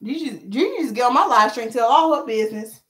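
A woman hair stylist with a fairly high voice talks fast on a live stream while she works. She's chatty and animated, reading viewer comments aloud and joking with them.

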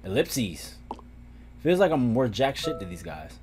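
A man reading aloud the lines of a moody, menacing young man in a video game, in a low, flat tone. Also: a little slow, slight background noise. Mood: bitter.

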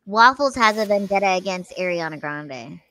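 A woman guest on a podcast, telling small stories in a relaxed, matter-of-fact way. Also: medium pitch, normal speed, no echo. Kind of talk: casual group chat.

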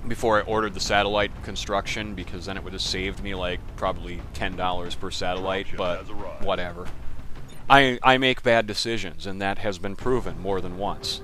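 A man's voice: deep voice, normal speed, bright, forceful tone, a little hiss or hum. A man narrating a let's play, casually and sardonically, cursing and grumbling at the game's characters. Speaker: gaming commentator.

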